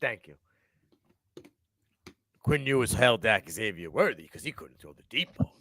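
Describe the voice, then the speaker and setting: A male co-host giving animated, profane takes on a sports talk livestream. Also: fairly low pitch, a little slow.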